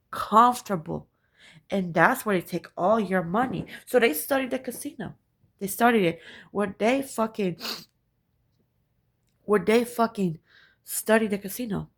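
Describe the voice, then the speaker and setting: A woman ranting to camera, profane and emphatic, repeating her points and asking "right?" again and again. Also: mid-range voice. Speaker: spiritual vlogger.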